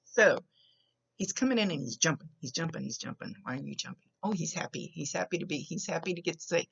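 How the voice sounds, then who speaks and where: A woman's voice: low-pitched, a little fast, creaky, a bit bright, husky. A woman working as a psychic medium, talking casually and rambling to a client as she gives a reading, with a smoker's cough. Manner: chatty, rambling, stops and restarts. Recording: dull lo-fi recording.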